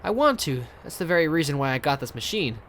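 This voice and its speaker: A man voicing a lonely, warm-hearted older male innkeeper in a video game, with a put-on foreign accent and a halting, earnest delivery. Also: fairly high pitch, sing-song, slight background noise. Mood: wistful.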